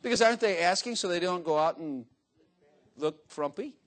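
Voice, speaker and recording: A man's voice: high-pitched, lively intonation, normal speed. An older man preaching a sermon in a folksy, joking way, acting out little dialogues in different voices. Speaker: pastor.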